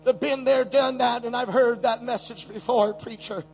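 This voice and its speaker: A man preaching a sermon at a camp meeting, impassioned and shouting, with many repetitions. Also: very high voice, fairly even intonation, normal speed, vocal fry, husky, poor audio.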